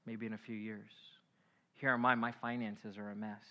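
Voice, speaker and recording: A man preaching a sermon as a pastor, animated and acting out biblical figures, swinging from hushed to loud. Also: lowish voice, normal speed, dull audio.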